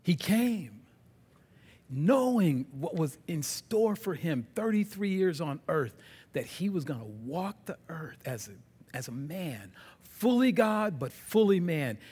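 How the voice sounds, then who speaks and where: A man preaching a sermon with animated, fervent storytelling, then leading a prayer. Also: fairly high pitch, a little slow, breathy edge, in a large hall. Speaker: pastor.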